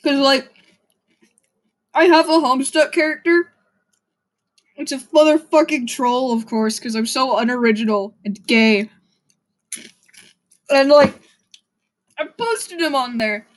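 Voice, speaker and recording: A young woman rambles through her own solo podcast, swearing freely and mocking herself. Her voice sits high and her delivery drags along at a slow pace. Now and then she breaks into a shrill, half-laughing shout. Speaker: podcast host. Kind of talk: casual solo podcast rant.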